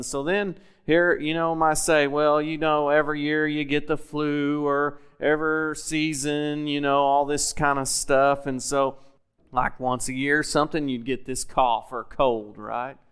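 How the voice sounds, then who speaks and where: A man's voice: fairly high pitch, a bit bright, smooth. A man preaching a sermon in a folksy, conversational manner, full of rhetorical questions to the congregation. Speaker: pastor. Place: church sanctuary.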